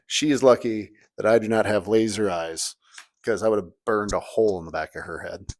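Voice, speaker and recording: A man in his thirties, a pastor, talking casually to his church in a weekly video message. He tells stories with humor and lively swings in his voice. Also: normal speed. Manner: conversational, humorous storytelling with big pitch swings.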